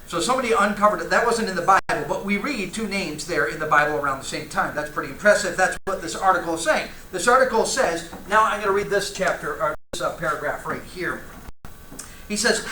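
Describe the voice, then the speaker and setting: A man leads a church Bible class, reading passages aloud and turning to his students with casual asides. His voice is bright and forceful. The room is roomy and echoey, with a faint hum of ambience behind him. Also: fairly high pitch, fairly quick.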